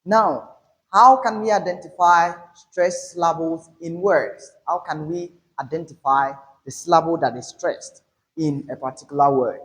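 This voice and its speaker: A man teaching an English pronunciation lesson, explaining step by step, repeating his points and stressing example words loudly. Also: on the high side, a little slow, poor audio.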